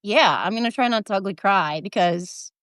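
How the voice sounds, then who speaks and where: A woman hosting a live video stream, chatting casually about politics and telling stories with quick asides. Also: medium pitch, no room sound, clean studio sound. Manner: animated storytelling, quick asides. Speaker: livestream host.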